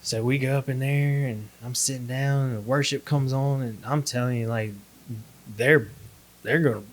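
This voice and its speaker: A man's voice: mid-range voice, steady tone, moderate pace. Laid-back man telling his testimony. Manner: laid-back storyteller, acts out quotes. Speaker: podcast guest. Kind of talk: casual testimony chat.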